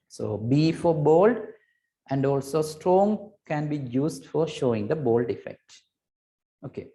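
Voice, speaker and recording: A man's voice: fairly high pitch, mellow. A man teaching a recorded computer lesson, explaining patiently and repeating himself, often checking in with "right?" and "okay.".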